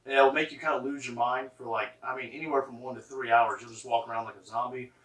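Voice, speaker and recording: Young man, musician guest, loose profane storytelling, bright tone, room echo. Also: mid-range voice, fairly even intonation, fast talker, recorded from a distance. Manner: loose, profane, fills with 'like'. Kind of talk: casual storytelling. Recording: echoey room, mic from afar.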